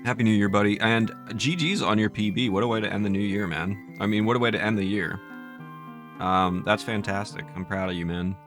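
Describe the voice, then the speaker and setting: A man's voice: on the low side, brisk, a bit bright, faint music behind. A man giving jokey, casual live-stream commentary, laughing at his own bits. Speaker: game streamer.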